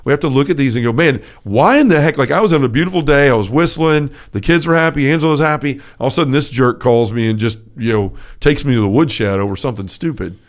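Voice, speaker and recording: Earnest man with a smooth voice. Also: mid-range voice, quick pace, few pauses. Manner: earnest, storytelling with lots of fillers. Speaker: podcast co-host. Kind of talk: casual faith chat.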